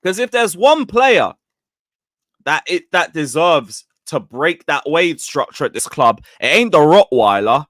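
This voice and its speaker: Young streamer, animated and sweary; lively pitch, dry close sound. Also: male voice, unhurried, no echo. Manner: animated, mocking, swears freely, swings between loud and muttered. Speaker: football channel host. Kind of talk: casual livestream rant.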